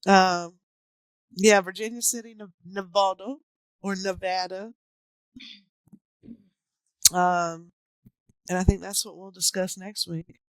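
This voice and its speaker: A woman's voice: on the low side, steady tone, a little slow, smooth, dry recording. A woman talks loosely as a podcast host, stringing thoughts together with plenty of "um"s and "uh"s. Her voice is recorded dry and close, with no room sound. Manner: loose, chatty, lots of fillers and laughs. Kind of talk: casual podcast chat.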